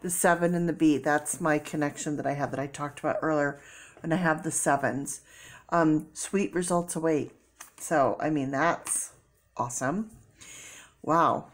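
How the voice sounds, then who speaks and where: A tearful middle-aged woman talks through a tarot reading in a slightly low voice. She thinks aloud and breaks into soft exclamations as the cards come up. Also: unhurried. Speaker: tarot reader. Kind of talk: casual tarot reading to camera.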